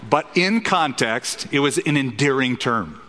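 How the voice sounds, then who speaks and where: A man's voice: mid-range voice, expressive, measured pace, sharp tone, big-room sound. A man preaching an expository sermon as a pastor, emphatic and fond of rhetorical questions.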